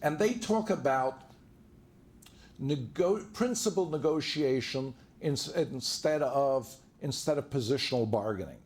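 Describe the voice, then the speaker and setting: A man's voice: mid-range voice, lively intonation, measured pace, a little mellow. A man, a divorce lawyer, giving a seminar to a live audience in a conversational way, full of anecdotes. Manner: conversational, anecdote-driven, acts out quoted dialogue.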